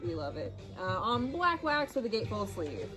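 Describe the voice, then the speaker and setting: A young woman from Ohio with a high, bright voice reads new-release blurbs in an upbeat, easygoing way. Faint music sits underneath her. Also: sing-song, normal speed. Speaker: record store co-host. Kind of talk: casual new-release rundown.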